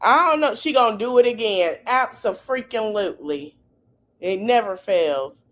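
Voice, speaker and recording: A woman's voice: medium pitch, lively intonation, moderate pace, a bit bright. A woman, co-hosting a livestream in an easygoing way. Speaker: livestream co-host. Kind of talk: casual livestream talk.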